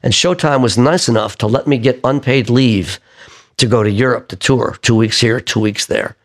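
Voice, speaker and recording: Gravelly older man telling stories. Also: medium pitch, moderate pace. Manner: lively raconteur who acts out quoted voices. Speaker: singer-songwriter guest. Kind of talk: conversational storytelling interview.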